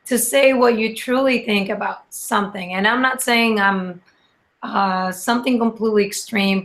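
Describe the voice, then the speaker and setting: A woman chatting on a podcast as a guest, rambling and halting, with many restarts and fillers. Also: mid-range voice, a bit bright. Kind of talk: casual chat.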